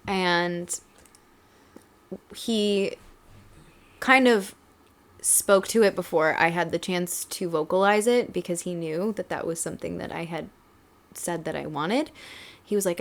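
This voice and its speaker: Brief: young woman, casual podcast co-host, lowish voice, loose filler-heavy chat. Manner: chatty, many "like" fillers, tearful at times.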